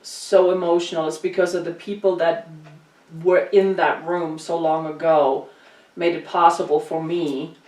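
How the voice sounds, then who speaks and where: A middle-aged woman from Germany hosting a casual chat, telling animated stories and laughing often. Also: deep voice, measured pace. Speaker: podcast host. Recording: roomy echo, distant mic.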